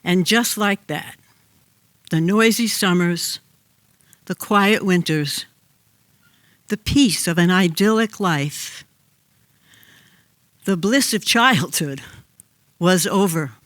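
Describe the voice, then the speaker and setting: An older man reading his own childhood memoir aloud on a small theater stage, deliberate and reflective. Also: high voice, fairly bright tone, no echo.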